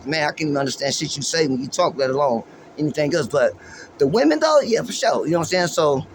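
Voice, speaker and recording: A podcast host from Los Angeles muses in a laid-back, rambling way, full of street slang, profanity and filler words. His voice runs on the high side, animated and fast, with a little hiss or hum in the recording.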